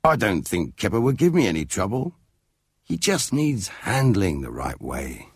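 A man's voice: on the low side, sing-song, a little slow, breathy edge, no echo, clean studio sound, exaggerated voice. A man reading a storybook, voicing a jolly, overconfident father in a cajoling tone.

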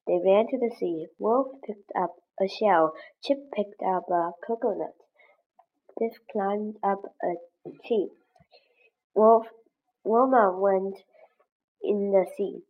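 Slow, careful woman reading a lesson. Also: medium pitch, narrow, tinny audio. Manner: careful, evenly paced reading for learners. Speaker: English lesson reader. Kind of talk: slow read-aloud of a graded children's story.

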